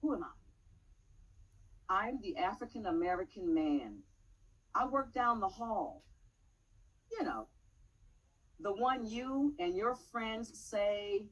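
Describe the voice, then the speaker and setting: A woman reciting a poem slowly and expressively. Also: mid-range voice, lively intonation, fairly bright tone, low-quality recording. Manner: measured, with pointed pauses and rising emphasis. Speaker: speaker at a public meeting. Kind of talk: dramatic poetry recitation.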